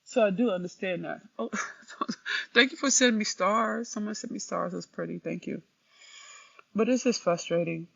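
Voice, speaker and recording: A woman's voice: mid-range voice, moderate pace, gravelly, a bit bright, breathy edge, muffled recording. A woman talking candidly to her livestream viewers, rambling and emotionally raw. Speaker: livestream host. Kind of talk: unscripted livestream talk.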